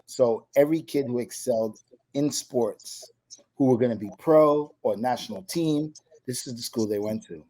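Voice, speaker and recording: A man's voice: medium pitch, moderate pace, warm tone. A man being interviewed about his past in table tennis, telling stories in a rambling way with many restarts. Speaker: guest, table tennis player. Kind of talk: casual storytelling interview.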